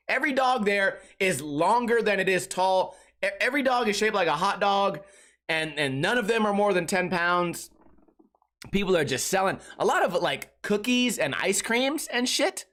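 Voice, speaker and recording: A man's voice: sits high, fairly bright tone. A man hosting a podcast, telling stories in a profane, exasperated, comedic rant. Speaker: podcast host.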